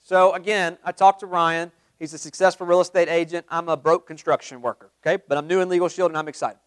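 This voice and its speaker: A man giving a live sales training talk to a group, energetic, quizzing the room with questions and acting out sample calls. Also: a little high, fast talker, clean tone, no echo. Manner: acts out sample phone calls.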